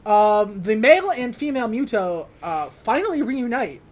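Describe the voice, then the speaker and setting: A woman's voice: on the high side, very animated, normal speed. A young woman hosting a podcast, casually recapping a film with lots of laughter and goofy quoted voices. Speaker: podcast host. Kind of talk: casual movie recap chat.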